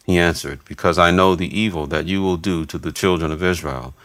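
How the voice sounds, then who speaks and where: A man giving a steady, measured reading of scripture, voicing narration and quoted speech alike. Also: sits low, no room sound. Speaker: scripture reader.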